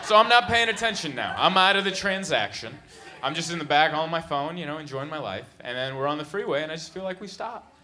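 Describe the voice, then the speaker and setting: High-voiced stand-up comedian, animated. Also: male voice, fast talker. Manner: animated, exasperated storytelling. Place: comedy club stage. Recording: live club recording with background noise.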